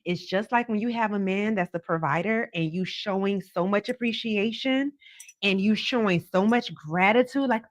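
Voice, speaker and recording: A woman's voice: mid-range voice, normal speed, dry recording. A woman hosts a livestream, chatting casually and animatedly with viewers and answering their comments. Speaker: tarot reader livestream host. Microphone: camera on a stand.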